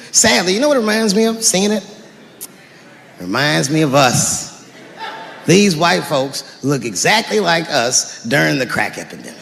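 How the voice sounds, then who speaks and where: Gravelly male comic on a live stage. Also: fairly high pitch. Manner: deadpan, drawn-out punchlines, profane. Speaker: stand-up comedian. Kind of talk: stand-up comedy set. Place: stage in a large hall before a live audience. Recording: echoey hall, crowd noise. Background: audience laughter and murmur.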